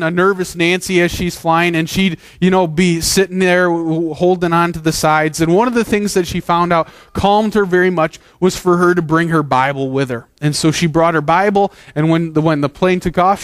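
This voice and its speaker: A man's voice: fairly high pitch, fairly even intonation, moderate pace, hardly any pauses, no room sound, clean studio sound. A man preaching a sermon as pastor, earnest and conversational, with frequent restarts.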